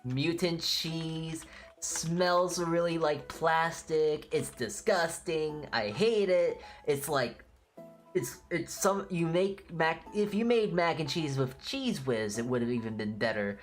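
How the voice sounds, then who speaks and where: Very low-voiced blunt woman streamer. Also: animated, unhurried, soft background music. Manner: blunt, opinionated, swears casually. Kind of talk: casual live-stream chat.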